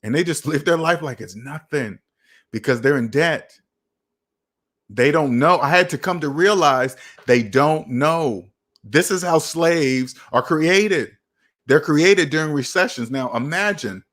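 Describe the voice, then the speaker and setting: A man's voice: a little high, animated, measured pace, fairly bright tone. A man hosting a personal finance livestream, talking emphatically to his chat, repeating points and asking rhetorical questions.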